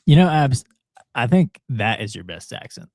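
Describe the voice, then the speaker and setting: A man co-hosting a talk show, joking in a dry manner and quick to laugh. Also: mid-range voice, very animated, gravelly, noisy background. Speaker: co-host. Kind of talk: casual satirical talk show banter.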